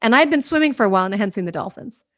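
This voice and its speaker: A woman host telling a personal story to an online group in an animated, expressive way over a video call. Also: fairly high pitch, very fast. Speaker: host and company founder.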